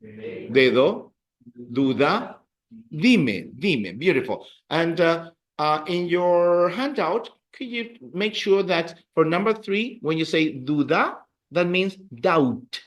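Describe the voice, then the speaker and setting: A man's voice: sits high, expressive, slow pace, few pauses. A man teaching a beginner Spanish class, patiently repeating words for drills and encouraging his students. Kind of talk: classroom language lesson.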